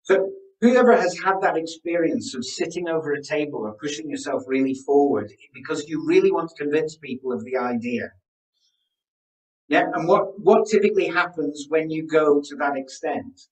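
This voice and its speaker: A presentation coach runs a live online workshop, speaking in a slightly high, animated voice at normal speed. He coaches and often asks the audience questions, and the sound is roomy, with him sitting far from the mic.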